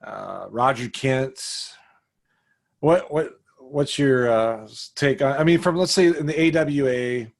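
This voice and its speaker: A man's voice: medium pitch, gravelly. A man hosting a podcast, asking questions in a casual interview with an eager, fan-like manner. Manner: eager, fan-like, quick backchannel replies. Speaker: podcast host.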